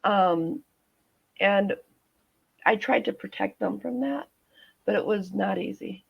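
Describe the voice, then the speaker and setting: Woman, 50s, guest telling her own story; gravelly, halting delivery, dull lo-fi recording. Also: medium pitch. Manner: halting, many restarts and fillers. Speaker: guest, nurse. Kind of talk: personal storytelling in interview. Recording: dull lo-fi audio.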